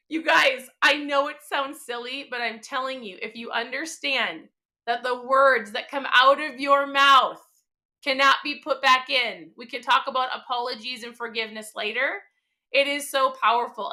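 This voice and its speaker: A woman's voice: fairly high pitch, pushed and bright. A woman in her thirties hosting a motivational live stream, talking emphatically and chattily with many fillers.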